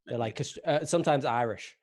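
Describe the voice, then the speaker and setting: A man's voice: medium pitch, fairly quick, a little mellow. A man from Middlesbrough who grew up in Texas, with a mixed Teesside and Texan accent, chatting on a comedy video call in a laid-back, self-mocking way. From England, Middlesbrough, then Texas. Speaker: guest comedian.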